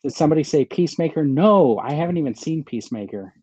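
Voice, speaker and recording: A man's voice: on the high side, expressive, fast talker, mellow, breathy edge, no room sound, muffled recording. A man hosting a casual live stream, rambling, thinking aloud and answering viewers' chat comments. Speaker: host of a live stream about his action figure collection.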